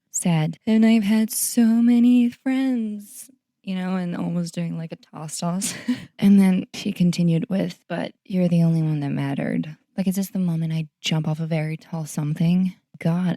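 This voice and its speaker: A woman's voice: lowish voice, mellow, no room sound, clean studio sound. A woman hosting a podcast, reacting to a movie trailer in a gushing, effusive, exclaiming way. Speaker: podcast host. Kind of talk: casual trailer reaction commentary.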